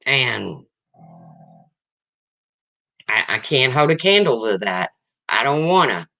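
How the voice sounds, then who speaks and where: A person in their fifties hosts a livestream and talks frankly to the chat. The voice is bright and forceful, and it swings widely in pitch. They keep circling back to the same points in plain, casual language. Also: big pitch swings, takes it slowly, gravelly, highs cut off. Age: 50s. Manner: blunt and frank, repeats points. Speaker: livestream host.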